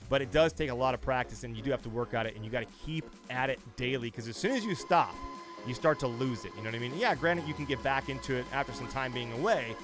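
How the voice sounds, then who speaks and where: Excitable male race commentator. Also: medium pitch, over music. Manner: quick, excitable calls of the race. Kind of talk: live play-by-play commentary.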